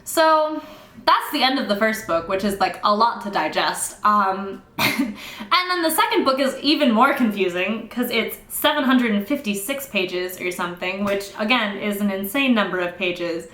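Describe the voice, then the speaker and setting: Young woman, sarcastic book recap, bright tense voice, echoey room. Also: medium pitch, expressive. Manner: sarcastic, exasperated, acts out characters in quick asides. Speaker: book reviewer.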